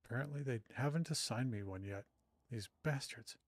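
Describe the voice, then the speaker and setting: A man's voice: mid-range voice, normal speed, dry recording. A middle-aged man chatting casually with his live-stream audience while playing, self-deprecating and rambling. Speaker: streamer and author.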